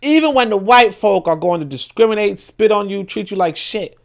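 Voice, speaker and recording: Gravelly and fairly quick, with a voice that sits high, this podcast host delivers casual political commentary full of profanity and energy. He keeps restarting sentences, repeating words as he goes.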